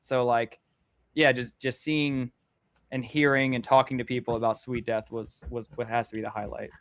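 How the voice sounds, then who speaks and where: A comic creator telling stories in a lively, swearing manner, playing out everyone's lines. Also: male voice, medium pitch, moderate pace, clear, resonant tone. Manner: lively, profane, acts out quotes. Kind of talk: casual storytelling chat.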